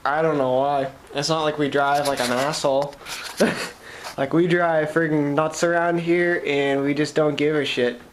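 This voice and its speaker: A man's voice: a little high, slight background noise. A young man with a Boston accent chatting casually to camera from his shop, rambling and swearing as he jokes. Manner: rambling, profane, jokey. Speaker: vlogger.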